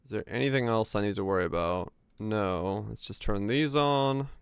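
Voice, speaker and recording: A man's voice: fairly low pitch, moderate pace, clear, resonant tone, no room sound. A young man streaming a game, chatting casually, answering chat questions and thinking aloud as he plays.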